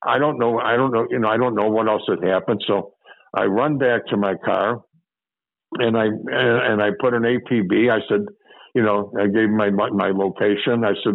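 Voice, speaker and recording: A man's voice: fairly low pitch, steady tone, moderate pace, narrow, tinny audio. An older man from Chicago, a former police officer telling stories from his career in an interview, rambling and repeating phrases as he remembers. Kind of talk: storytelling interview.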